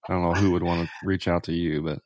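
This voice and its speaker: A man with a very low voice banters on a podcast, laid-back and teasing. His voice sits dry and close to the mic. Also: little pitch movement, fast, no echo. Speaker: podcast co-host.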